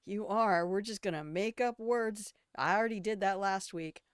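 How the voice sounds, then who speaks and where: A woman's voice: mid-range voice, moderate pace, smooth, no room sound, studio quality. An older woman hosting a game stream, chatting casually and wryly, reading dialogue aloud and riffing on it. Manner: chatty, wry, reads dialogue aloud and riffs on it. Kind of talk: casual gameplay commentary.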